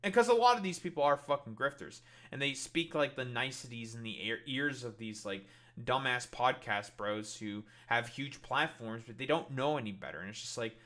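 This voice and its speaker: Bright-voiced man ranting on stream. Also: medium pitch, moderate pace. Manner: ranting, swearing, mocking voices. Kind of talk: casual reaction commentary.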